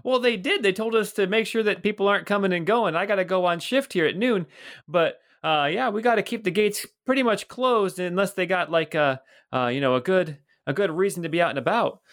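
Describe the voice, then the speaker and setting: Man voicing a gossipy older city guard, rotund, high lively voice, rambling, tabletop game. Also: fairly quick. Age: 50s.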